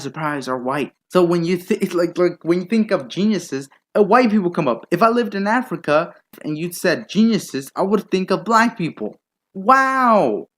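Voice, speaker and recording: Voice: mid-range voice, fairly bright tone. A young adult commentator talking back to video clips in a mocking, sarcastic way, often swearing and interrupting. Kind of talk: reaction commentary.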